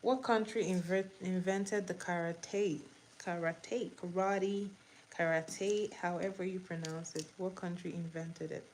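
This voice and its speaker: A woman's voice: lowish voice, fairly even intonation, darkish tone, slight background noise, poor audio. A woman hosting a casual livestream trivia game while doing her makeup, repeating each question and greeting viewers. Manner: slow, repeats questions, laughs easily. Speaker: livestream host.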